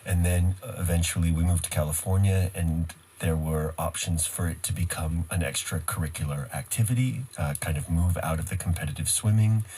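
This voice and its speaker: A man's voice: deep voice, steady tone, a little fast, few pauses, warm tone, breathy edge. A middle-aged man, raised in the United States, telling stories from his life as an actor in a casual interview, wry and self-deprecating. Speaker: actor, guest.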